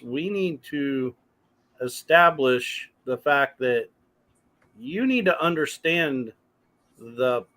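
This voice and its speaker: A man in a casual chat, giving measured advice to fellow channel owners. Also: medium pitch, fairly bright tone. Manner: measured, advising. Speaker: guest youtuber.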